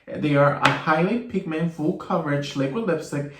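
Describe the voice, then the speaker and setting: An easygoing man with a slightly higher voice chats casually beside a makeup vlogger and reads out product details. The sound bounces around an echoey room. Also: normal speed, noisy background. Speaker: co-host of a beauty vlog. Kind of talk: casual chat.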